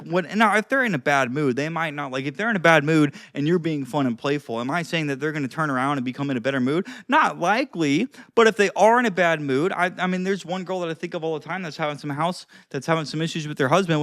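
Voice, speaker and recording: Slangy, fairly high-voiced young man coach. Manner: loose and slangy, full of "like" and restarts; swings between loud and quiet, low-key asides. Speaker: social skills coach. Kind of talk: casual talking-to-camera advice.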